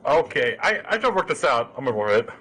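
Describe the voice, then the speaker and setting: Guy player, bright tense voice, halting, lively pitch, music faint in back. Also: poor audio. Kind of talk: casual tabletop play.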